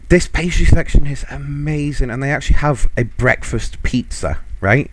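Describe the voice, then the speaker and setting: A man's voice: medium pitch, normal speed, few pauses, noisy background. A man hosting a podcast, chatting casually and laughing often as he tells a story. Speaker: podcast host.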